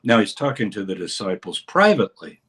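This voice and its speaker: Animated man explaining scripture. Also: on the low side, brisk. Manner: animated, reads scripture aloud with dramatic emphasis. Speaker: scholar and course teacher, guest. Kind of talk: explanatory interview talk.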